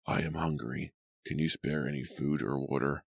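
A man voicing a starving ragged male drifter, speaking slowly and weakly. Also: extremely low pitch, vocal fry, dry recording. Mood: pleading. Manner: slow, weak, pleading.

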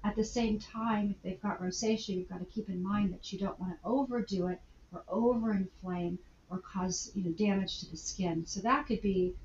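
A woman's voice: mid-range voice, fairly even intonation, normal speed, few pauses, a little mellow, reverberant, muffled recording, slight background noise. A woman guest, a skincare instructor, explaining clinical topics in a casual interview, laughing often and using fillers.

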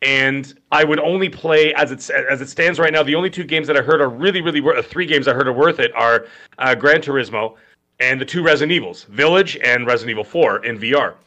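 A man in his thirties co-hosting a casual gaming podcast, animated and joking, telling stories with voiced quotes. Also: medium pitch, brisk, highs cut off. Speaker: podcast co-host. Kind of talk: casual chat.

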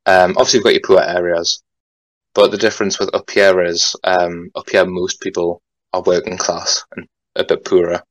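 A man's voice: deep voice, little pitch movement, moderate pace, dry recording, rough recording. A young man from North East England with a Geordie accent, a podcast guest chatting casually, rambling with fillers and the odd swear. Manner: laid-back, rambling with many fillers and some swearing. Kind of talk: casual chat.

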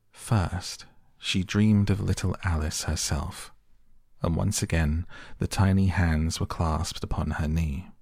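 A man softly reading a bedtime story aloud as a soothing narrator. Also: deep voice, creaky, breathy edge, no echo, clean studio sound. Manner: soft, unhurried. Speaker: audiobook narrator.

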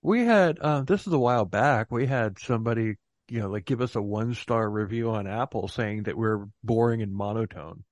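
A man's voice: fairly low pitch, normal speed, no echo. Sarcastic male podcast host, dry sound. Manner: dry sarcastic humor, frequent laughing. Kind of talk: casual podcast chat.

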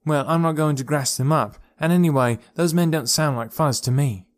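Kind young woman, as a male narrator puts her on, higher voice, gentle, reassuring, firm, dry sound. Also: normal speed, no room sound, natural voice. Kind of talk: audiobook character voice.

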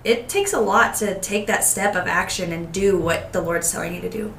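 A woman's voice: lowish voice, normal speed, vocal fry, a bit bright, slight background noise. A woman co-hosting a faith podcast, talking hesitantly with many fillers in casual chat. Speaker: podcast co-host. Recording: roomy echo.

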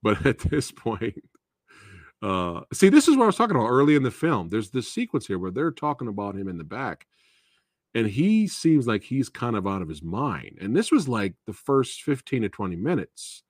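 A man hosting a casual live movie talk show recaps and reviews a film in a rambling, chatty way, full of fillers and laughs. His mid-range voice is sing-song at a normal speed, recorded dry with clean studio sound.

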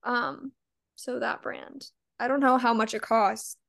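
A woman's voice: fairly high pitch, fairly even intonation, measured pace, creaky, fairly bright tone. A young woman co-hosting a podcast in casual chat, blunt and sarcastic, swearing freely as she rants. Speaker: podcast co-host.

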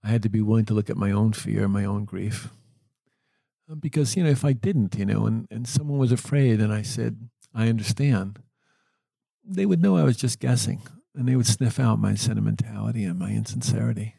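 A man with a low, gravelly, husky voice recounts his caregiving work in a gentle, earnest manner. The sound is dark and dry, close to the mic. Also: fairly quick, dry recording. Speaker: end-of-life caregiver. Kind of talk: reflective storytelling.

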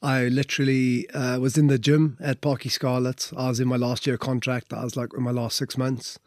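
A man's voice: mid-range voice, little pitch movement, moderate pace, a little mellow, no room sound, studio quality. A middle-aged Welsh man and former rugby player telling his story in a casual interview, chatty and full of fillers. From Wales. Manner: conversational, lots of fillers and "like".

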